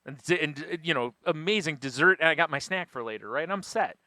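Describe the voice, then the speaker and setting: A man co-hosting a podcast, telling a funny everyday story in a casual, animated way and laughing often as he goes. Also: fairly high pitch, fast talker, dry recording, studio quality. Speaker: podcast co-host.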